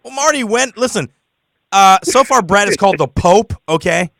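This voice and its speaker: A man hosting a talk show, energetic and laughing through the banter. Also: sits high, normal speed, vocal fry. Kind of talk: casual chat.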